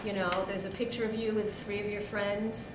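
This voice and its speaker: A middle-aged woman giving an informal birthday toast to her father, halting and giggling, with many fillers. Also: medium pitch, level tone. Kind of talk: informal party speech. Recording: echoey hall, far mic, loud crowd noise.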